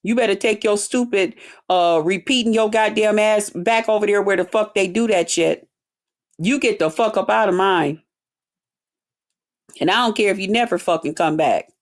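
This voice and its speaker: A woman hosting a livestream rants bluntly to her chat, swearing heavily and mocking others with drawled quotes. Her voice is mid-range and she talks at a normal speed.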